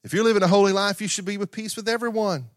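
A man's voice: sits high, fairly even intonation, fast talker, dry recording, clean studio sound. A middle-aged man preaching a sermon in a conversational way, with asides, repetition and everyday stories. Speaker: pastor.

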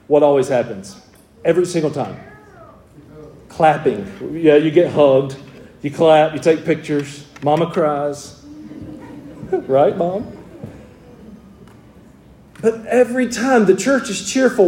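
A man's voice: fairly high pitch, dark tone, echoey room. A man in his forties preaching a sermon as pastor, fervent at times and then chatting with the congregation. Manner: fervent preaching that shifts to friendly talk with the congregation. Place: church sanctuary.

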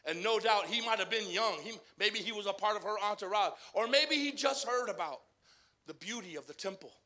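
A man from Arizona preaching a folksy sermon, repeating himself as he builds to loud exhortation and then drops quiet. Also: high voice, animated, brisk.

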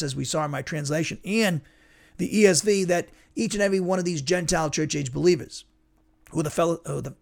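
Man bible teacher, gravelly and a touch high, rambly delivery full of restarts. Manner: rambling with frequent restarts and fillers; slow careful Greek word reading. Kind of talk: verse-by-verse Bible lesson.

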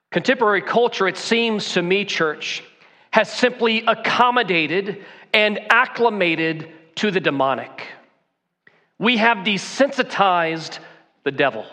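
A man preaches with emphasis, driving his points home through pointed rhetorical questions. His voice sits high for a man. The recording carries a long, ringing hall reverb. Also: a bit bright. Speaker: pastor. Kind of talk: sermon.

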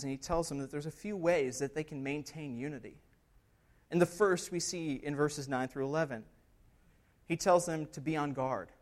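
The speaker is a pastor giving an expository sermon, his fairly high-pitched voice earnest and conversational. He regularly checks in with "right?" and builds to emphatic passages.

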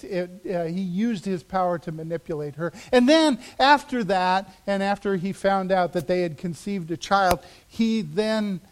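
A man with a high, light voice preaching a sermon from the pulpit. He tells the story with drama, sinking to a near hush for emphasis and then building back up. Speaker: pastor.

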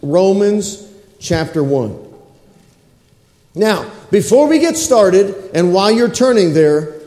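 Preaching slowly in a church sanctuary, a man serving as pastor uses a high-pitched, dark-toned voice with big pitch swings. He repeats his points and calls for congregational responses, and the recording carries a roomy echo with long hall reverb.

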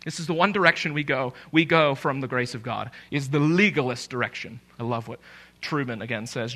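A man preaching a sermon as pastor, conversational and animated, with emphatic rises. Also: on the high side.

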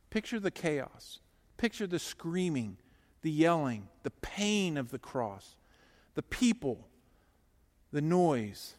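High-voiced preacher guy, goes from near whisper to loud, slow and echoey hall. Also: very animated. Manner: dramatic, swings from hushed to loud. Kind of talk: sermon.

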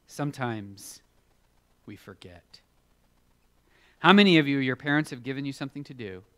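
A man giving a children's sermon, animated and expressive, acting out Bible characters in playful voices. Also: mid-range voice. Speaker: children's preacher.

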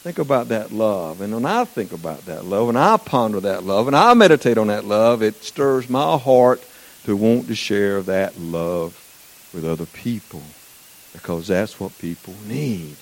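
A man's voice: lowish voice, lively intonation, measured pace. A man, preaching a sermon in a folksy storytelling way.

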